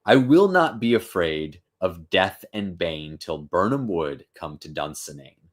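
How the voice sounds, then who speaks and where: Guy reading as a desperate king barking orders, deep voice, slow and deliberate. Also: sing-song, exaggerated voice. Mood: defiant. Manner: read aloud with rising urgency, slow and deliberate. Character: desperate tyrant king, male, middle-aged.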